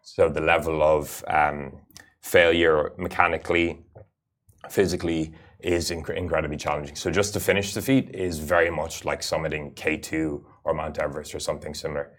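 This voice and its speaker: A man's voice: a bass voice, flat delivery, moderate pace, fairly bright tone. A man, a rally racer and guest, giving earnest, explanatory interview answers with frequent "uh" fillers. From Ireland.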